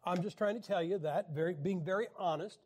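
A man teaching a class on the Bible in a wry, joking lecture style, often clearing his throat. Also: high voice, a little fast, darkish tone.

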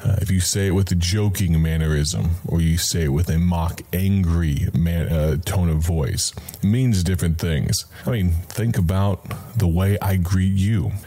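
Slow, deep-voiced male radio preacher. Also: dark tone. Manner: slow, deliberate, reflective delivery with pauses; conversational, addresses listener as friend. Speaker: radio Bible program host. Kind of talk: radio devotional sermon.

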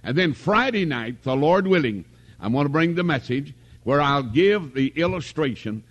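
An older man, his voice set a bit high, preaching a revival sermon. He tells folksy stories and calls out for amens from the congregation in the tabernacle. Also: lively intonation, normal speed, muffled recording.

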